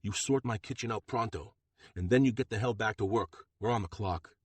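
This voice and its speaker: A man voicing a gruff, commanding executive chef who speaks firmly and calmly. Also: brisk, no room sound. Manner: low, firm and commanding.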